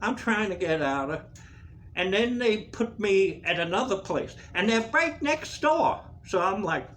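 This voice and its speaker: Man vlogger, high and lively voice, unhurried, swearing and laughing through a casual rant. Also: a little hiss or hum. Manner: profane, laughing, animated.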